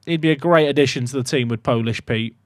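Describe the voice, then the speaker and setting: A young man giving casual, excitable commentary on his game to his chat, swinging from muttering to loud outbursts. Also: mid-range voice, fast, no echo, studio quality. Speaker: gaming YouTuber.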